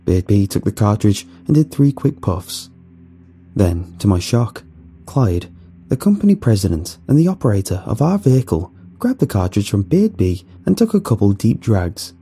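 A man narrates a creepy first-person tale with a wry, jittery edge. His voice is dark and gravelly, swinging widely in pitch, with faint music under it. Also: big pitch swings, normal speed.

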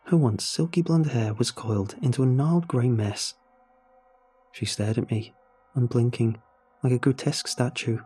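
Man telling a creepy tale, low and hoarse, even pace, soft music under. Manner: steady measured first-person telling. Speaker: narrator. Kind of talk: horror story narration.

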